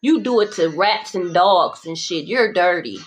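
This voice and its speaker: A woman's voice: fairly low pitch, expressive, measured pace, faint music behind. A young adult woman giving a casual tarot reading monologue, blunt, profane and sassy, repeating phrases for emphasis. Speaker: tarot reader.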